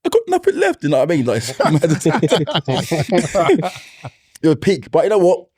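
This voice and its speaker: A man's voice: on the high side, lively intonation, measured pace, dark tone. Chatty East London man. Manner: chatty, laughs often, many fillers. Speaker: guest comedian. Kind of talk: casual podcast chat.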